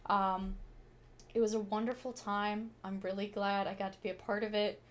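A woman's voice: medium pitch, flat delivery, moderate pace. A young woman chatting casually about her cosplay convention experiences, telling stories with lots of fillers and quoted dialogue. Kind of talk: casual storytelling vlog.

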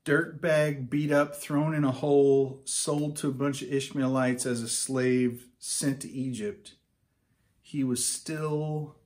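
A man preaching a casual, conversational sermon, reading scripture aloud and breaking into animated asides. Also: mid-range voice.

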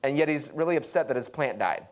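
Lively man preaching a sermon. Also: quick pace. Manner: lively, acts out quotes with pitch jumps. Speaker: pastor.

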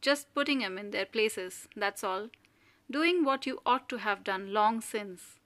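A woman's voice: medium pitch, animated, unhurried, a bit bright. A woman voicing a domineering middle-aged mother who speaks sharply and severely, raising her voice to scold her family. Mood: severe, commanding.

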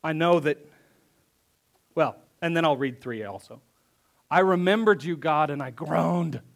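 A pastor preaching a conversational sermon, reading verses aloud and then acting them out with emphatic repetition. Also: male voice, a little high, expressive, unhurried, vocal fry. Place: church.

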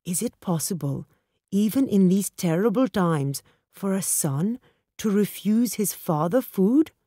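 A woman's voice: mid-range voice, expressive, a little slow, mellow, husky, no room sound, studio quality, pitched above the performer's own voice. A woman reading a storybook voicing an old male friend who reacts with shocked indignation. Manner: indignant, incredulous.

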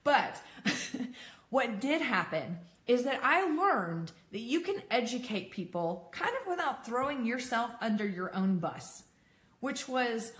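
A woman in her thirties, her voice on the high side with a fairly bright tone, speaks candidly to an audience as a peer support speaker. She laughs often and makes self-deprecating asides. The room is echoey.

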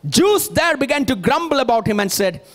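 A male pastor delivers a sermon with a strikingly high-pitched voice. He preaches emphatically and throws rhetorical questions out to his listeners. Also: very animated, normal speed, fairly bright tone.

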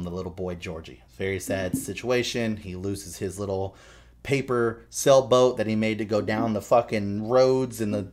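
A man co-hosting a podcast, telling a story in animated, profane casual chat. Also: fairly low pitch. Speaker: podcast co-host.

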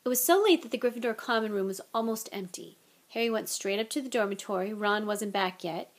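A woman reading a novel aloud in an expressive way, with relaxed, chatty asides to her listeners. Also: medium pitch, brisk. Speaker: audiobook reader.

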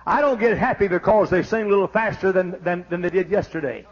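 A man preaching a fiery sermon as pastor, exclaiming and shouting praise. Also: sits high, fast talker. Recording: dull lo-fi archive sermon tape.

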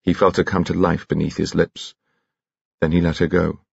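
A man narrating a mystery novel for an audiobook in a calm, measured, quietly dramatic way. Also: low-pitched, gravelly, husky, dry recording, muffled recording. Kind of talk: scripted narration.

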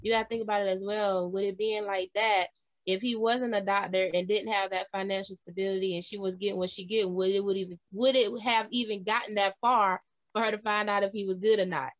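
Woman, casual chat, dry close sound, mid pitch, makes a point and restates it. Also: fairly even intonation, no echo, poor audio. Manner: poses a pointed question and then restates it slowly.

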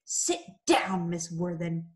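A woman's voice: mid-range voice, expressive, normal speed, darkish tone, natural voice. A woman reading the lines of a stern older male mill agent, asking short, clipped questions.

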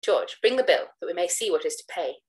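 A woman voicing an indignant young gentleman who shouts his claim in loud, high bursts. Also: lively intonation, brisk, close to an everyday voice. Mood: incredulous. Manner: loud, high, emphatic outbursts.

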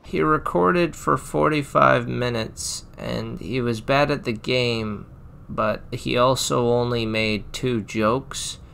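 A man's voice: medium pitch, takes it slowly, creaky, a bit bright, a little hiss or hum. A man doing mocking voice-over commentary, sarcastic and exasperated.

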